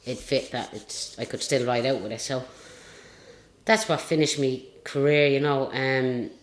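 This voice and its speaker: A woman's voice: extremely low pitch, a little slow. Chatty Irish woman in a roomy space. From Ireland. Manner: rambling, chatty, many fillers. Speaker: retired jockey. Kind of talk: casual interview storytelling. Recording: roomy echo.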